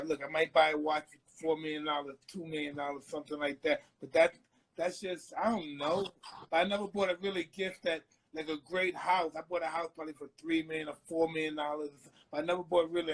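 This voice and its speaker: A man, a guest in a casual live-stream chat, speaking in a measured, halting way and often repeating himself. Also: fairly high pitch, rough recording. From New York. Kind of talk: casual conversation. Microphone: phone on a live video stream.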